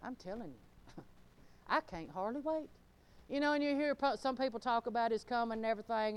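A middle-aged woman pastor, preaching a fervent sermon that swings between loud exclamations and low, laughing asides. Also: animated, normal speed, smooth.

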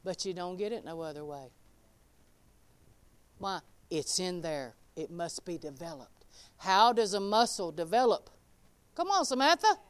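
A woman preaching an informal sermon, folksy and animated, calling out members of the congregation by name. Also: mid-range voice, moderate pace, long pauses, smooth.

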